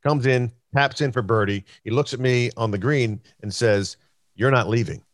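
A man's voice: mid-range voice, moderate pace, no echo, studio quality. A middle-aged man hosting a golf chat show, telling a long story with quoted voices and plenty of fillers. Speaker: host.

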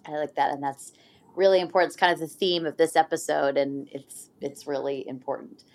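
Calm, affirming woman interviewer. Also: low-pitched, a little fast. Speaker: podcast host.

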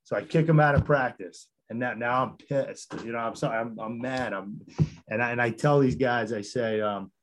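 Chuckling, rambling basketball coach. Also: male voice, mid-range voice, moderate pace, a little hiss or hum. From Connecticut. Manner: rambling, self-interrupting storyteller, chuckles often. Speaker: head basketball coach, guest. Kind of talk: casual storytelling interview.

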